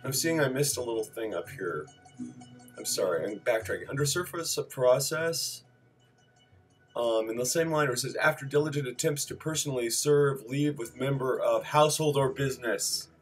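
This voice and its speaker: A man's voice: medium pitch, moderate pace, husky, faint music behind, poor audio. A man reading out terse study notes on civil procedure as a list, with wry asides and apologetic backtracking. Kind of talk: reading lecture notes aloud.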